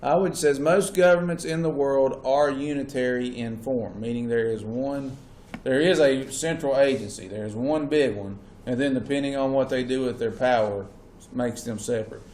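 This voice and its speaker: A man's voice: mid-range voice, moderate pace, a little mellow. Male teacher, patient lecture that keeps checking on the class, echoey classroom with a faint hum. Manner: checks in with students often.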